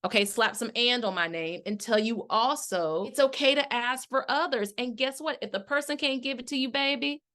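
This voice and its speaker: Animated woman life coach hosting a podcast. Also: fairly high pitch, moderate pace, few pauses. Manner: animated storytelling, acts out quotes, addresses listeners as y'all. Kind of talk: casual solo podcast talk.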